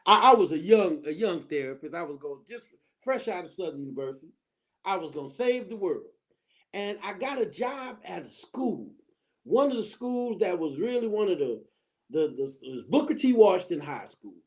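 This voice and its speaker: A middle-aged woman telling a story as a guest on a talk show, animated and laughing as she acts it out. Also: lowish voice, normal speed. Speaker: guest, former school counselor. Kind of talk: storytelling in casual chat.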